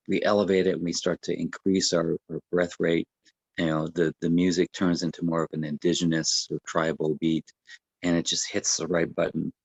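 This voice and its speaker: A man, a breathwork coach, explaining the practice in a gentle, unhurried way with many fillers and restarts. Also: deep voice, no room sound. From United States. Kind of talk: casual explanatory talk.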